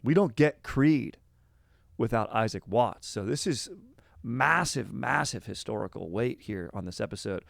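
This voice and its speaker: A man's voice: medium pitch, expressive, a little slow, gravelly, a bit bright, no room sound, clean studio sound. A young man hosting a podcast, talking about history in a rambling, casual way. He is slangy and laid-back, says "dude" all the time and drifts off topic. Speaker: podcast host.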